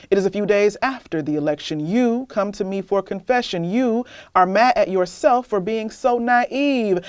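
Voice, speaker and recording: A young woman poet, candid and animated, talking about her reading life in an interview and then reading her poem aloud. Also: mid-range voice, no room sound. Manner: candid, animated, laughs often. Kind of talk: casual interview chat, then poetry reading.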